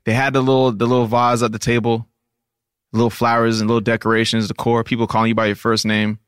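Fast-talking young man, animated. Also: medium pitch, clear, resonant tone, no room sound, clean studio sound. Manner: animated, profane storytelling. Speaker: podcast co-host. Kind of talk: casual chat.

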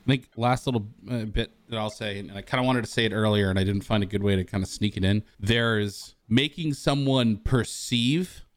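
A man on a podcast sharing a relaxed, reflective closing thought. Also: lowish voice, moderate pace, hardly any pauses, no room sound. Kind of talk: podcast discussion.

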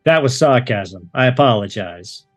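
A man's voice: medium pitch, lively intonation, measured pace, no echo, soft background music. Krieg, a man playing a cocky sarcastic operative. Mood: brash. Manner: sarcastic, brash and confident. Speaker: player.

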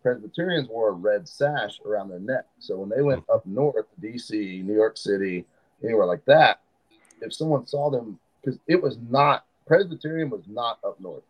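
A man's voice: on the low side, moderate pace, highs cut off. A man hosting a podcast, explaining history at length in a casual studio chat. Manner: explains at length, lively storyteller. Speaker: podcast host.

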